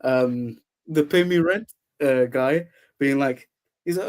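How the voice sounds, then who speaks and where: On his podcast, a young man with a voice on the high side speaks at a measured pace while casually recapping a movie. He's lively, laughs frequently and acts out lines.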